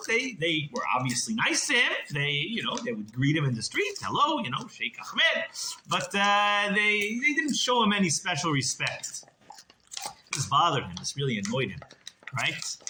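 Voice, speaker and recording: Lively, bright-voiced rabbi telling a story. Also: male voice, fairly high pitch, a little hiss or hum. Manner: lively storyteller, keeps asking "right?". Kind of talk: storytelling sermon. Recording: roomy echo, faint clicks.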